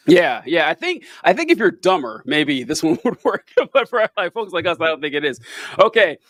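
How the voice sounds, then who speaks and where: A man's voice: on the high side, normal speed, no echo. A man co-hosting a podcast, chatting casually and laughing often while ranking quotes. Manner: laughs often, animated banter. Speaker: podcast co-host.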